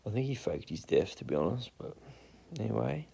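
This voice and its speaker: A man's voice: fairly low pitch, very animated, fairly quick, vocal fry, mellow, slightly rough. A young man with an Australian accent telling rambling, crude stories in casual talk and swearing freely. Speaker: storyteller. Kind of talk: casual storytelling.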